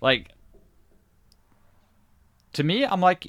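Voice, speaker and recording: A man co-hosting a podcast, chatting in an animated, jokey way with lots of restarts. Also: fairly low pitch, unhurried, no echo, studio quality. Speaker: podcast co-host. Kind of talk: casual chat.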